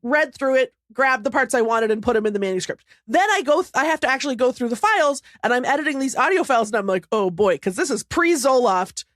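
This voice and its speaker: A woman in her thirties co-hosts a podcast, rambling through casual chat with self-deprecating jokes. Her voice sits high, and the recording is dry and close. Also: expressive, quick pace, few pauses, fairly bright tone, dry recording. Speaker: podcast co-host, author.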